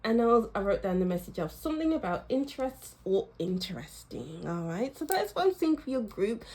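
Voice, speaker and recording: A woman's voice: a little high, sing-song, a little fast, a little mellow, slightly rough. Female tarot reader, casual to-camera delivery, encouraging, repeats affirmations.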